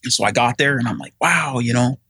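A middle-aged man, a guest, tells a personal story in casual chat, rambling with lots of fillers and restarts and acting out what people said. His mid-range voice moves fairly quickly with a sharp, slightly rough tone, recorded without echo.

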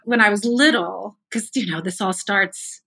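A middle-aged woman from North Carolina with a Southern accent, telling animated stories with lots of laughter as a podcast guest. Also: mid-range voice, moderate pace, gravelly, slightly rough. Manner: animated, laughs often, warm storytelling. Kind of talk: casual chat.

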